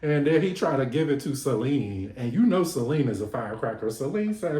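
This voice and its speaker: A man hosting a casual reality TV recap vlog, animated and sassy, laughing and swearing often. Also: medium pitch, normal speed. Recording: echoey room.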